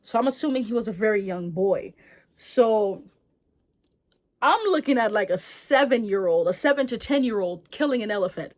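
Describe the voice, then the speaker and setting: A woman telling a folktale to camera in a casual, chatty vlog style. She uses slang and wanders off into digressions as she talks. Her tone stays relaxed and conversational. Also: mid-range voice, moderate pace. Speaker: storyteller vlogger.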